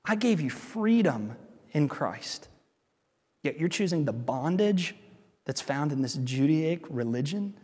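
An exasperated apostle scolding his churches, voiced higher and pleading, all incredulous questions, as a male preacher acts him out in a sermon. A long reverb trails his words, as if in a large hall. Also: expressive, slow, darkish tone, husky, exaggerated voice.

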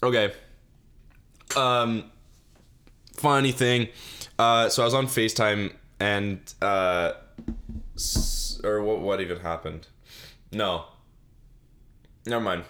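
A man's voice: fairly low pitch, fairly even intonation, takes it slowly, pauses often, bright, forceful tone, a little hiss or hum. A young man hosting a solo podcast, rambling goofily, mocking himself and laughing at his own jokes. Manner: mock-sobbing bit, put-on crying. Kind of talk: rambling solo comedy chat. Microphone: desk mic.

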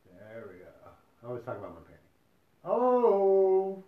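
A man's voice: fairly low pitch, racing. A man co-hosting a podcast, bantering in casual, teasing, profane chat. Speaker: podcast co-host. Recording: roomy, dull lo-fi sound.

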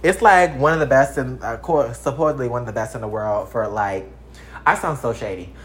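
Animated, profane vlogger from Texas. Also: brisk. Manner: animated and profane, big swings in pitch and loudness. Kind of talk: casual chat to camera.

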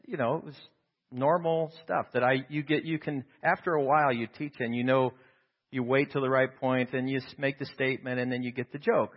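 A middle-aged man, a professor, telling rambling humorous stories to a group in a casual way and acting out bits of dialogue. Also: mid-range voice. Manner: rambling, self-deprecating humor, acts out dialogue. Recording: slightly dull lo-fi sound.

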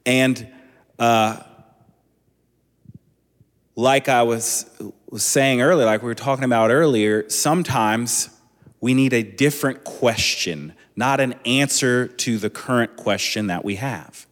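A man in his thirties preaching a sermon as a pastor, relaxed and conversational with chatty asides. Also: mid-range voice, takes it slowly. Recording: long echoing hall reverb.

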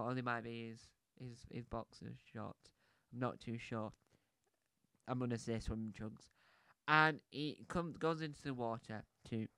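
A man's voice: medium pitch, fairly bright tone, smooth, no room sound. A man giving a casual, rambling film review on a podcast, chatty, with many restarts and asides.

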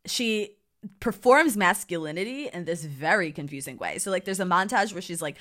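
A woman's voice: fairly low pitch, animated, normal speed, a bit bright. A woman co-hosting a podcast, recapping a movie in casual, rambling chat full of fillers and laughs. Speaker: podcast co-host.

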